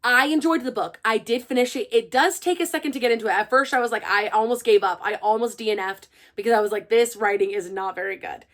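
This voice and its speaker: A young woman who hosts a book channel, chatting casually and excitedly to her viewers. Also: on the high side, fast, few pauses. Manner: gushing and chatty, full of fillers. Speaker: book reviewer and channel host. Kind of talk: casual chat to camera.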